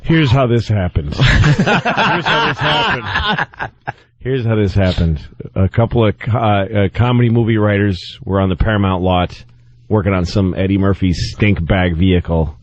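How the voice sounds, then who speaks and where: A man's voice: deep voice, moderate pace, a little mellow, lo-fi sound. A man, a comedian guest, riffing mockingly in casual radio chat and acting out quotes.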